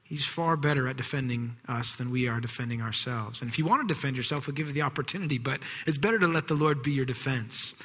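A man preaching a sermon, acting out quoted voices and dropping to hushed whispers. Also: medium pitch, fast talker, few pauses, slightly rough, big-room sound. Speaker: pastor.

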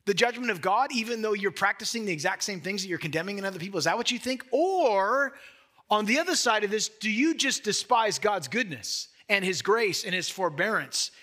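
A man's voice: high-pitched, pushed and bright. A man pastor delivering a sermon in an emphatic, conversational way, addressing the listeners with direct questions.

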